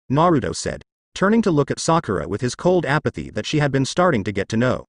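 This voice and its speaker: A young man narrates fan fiction aloud, his pitch rising and falling with lively storytelling. The sound is dry and close, with no room around it. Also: quick pace, no echo.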